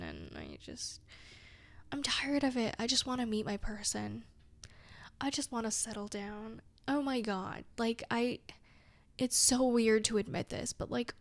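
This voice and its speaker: A woman's voice: medium pitch, creaky, dry recording. A young woman vlogging in a candid, rambling chat, full of fillers and wry self-mocking asides. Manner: rambling and candid, heavy use of "like", trailing off. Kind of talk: casual confessional vlog chat.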